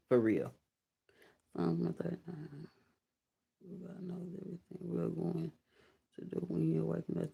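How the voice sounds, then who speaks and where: Emotional woman chatting on a live stream. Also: gravelly. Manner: emotional, swings between loud excited bursts and soft low murmurs. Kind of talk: casual live-stream chat, reading viewer comments aloud.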